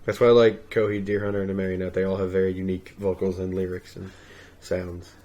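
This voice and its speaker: A man's voice: low-pitched, flat delivery, fast talker, darkish tone, muffled recording. A young man from the United States co-hosting a podcast in casual, joking chat, who sometimes slips into mock accents. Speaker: podcast co-host.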